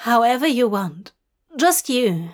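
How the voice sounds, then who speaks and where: A woman's voice: on the high side, sing-song, takes it slowly. A woman voicing an eager man in love in an audiobook fanfic reading, speaking earnestly and a little breathlessly.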